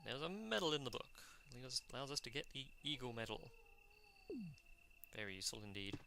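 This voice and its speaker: A man's voice: medium pitch, big pitch swings, brisk, creaky, bright, forceful tone, slight background noise. A man hosting a let's play, chatting casually about the game, joking with himself and talking to the enemies on screen. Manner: chatty, self-mocking, talks to the enemies. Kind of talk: casual gameplay commentary.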